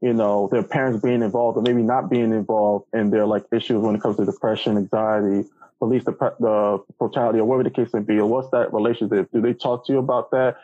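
A man's voice: lowish voice, little pitch movement, fast talker, dark tone, dry recording, highs cut off. A man hosting a podcast, asking long rambling questions full of fillers and restarts. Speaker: podcast host. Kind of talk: casual interview chat.

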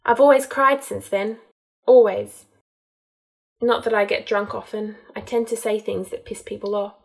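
A woman reading a storybook, voicing a distraught young witch healer who talks in a halting, tearful way. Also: medium pitch, fairly even intonation, gravelly, close to an everyday voice. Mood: confessing.

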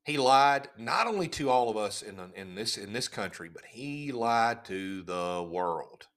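Indignant man ranting with a lively voice. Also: on the low side, unhurried. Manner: indignant, sarcastic, repeats himself. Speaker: podcast host. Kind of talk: casual ranting commentary.

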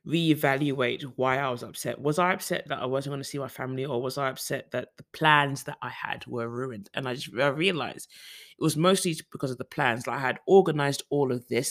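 A young man from the UK chats casually to camera in a personal vlog. He rambles, restarts his sentences and leans on fillers, with a voice of ordinary pitch. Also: a bit bright. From United Kingdom. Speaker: vlogger.

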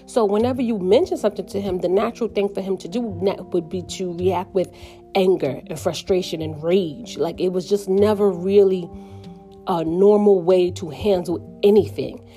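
Earnest woman with a mellow voice. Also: on the low side, faint music behind. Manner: earnest, reflective, slows down on painful parts. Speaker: mother sharing her story. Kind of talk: personal reflective monologue.

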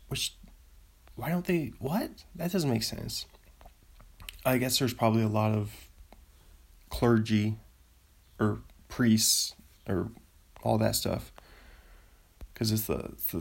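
Man, slow unhurried talk, husky gravelly tone, thinking aloud, amazed by stats. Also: medium pitch. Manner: thinks aloud, easily amazed, laughs at himself. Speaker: vlogger. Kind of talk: casual commentary while looking up sports stats.

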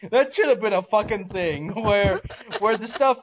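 A man co-hosting a casual movie podcast, talking excitedly with laughs and swearing. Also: sits high, normal speed, lo-fi sound. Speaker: podcast co-host.

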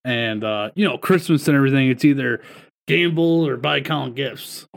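A man's voice: mid-range voice, moderate pace, vocal fry. Blunt, profane young man streaming from home. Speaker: podcast co-host. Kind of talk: casual chat.

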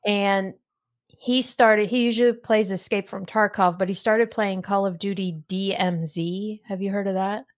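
A woman's voice: medium pitch, steady tone, unhurried. A woman hosting a podcast, chatting casually about games and laughing often. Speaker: podcast host. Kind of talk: casual chat.

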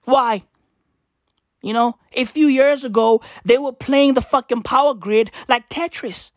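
This vlogger, a South African woman in her twenties, has a high voice and speaks a little slowly during her exasperated, swearing rant to camera, where she keeps repeating questions. The audio is clean studio sound without room tone.

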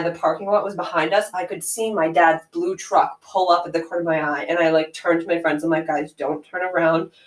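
Chatty young woman podcaster, echoey room. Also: fairly low pitch. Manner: chatty, filler-heavy with frequent "like". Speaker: podcast host. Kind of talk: casual storytelling chat.

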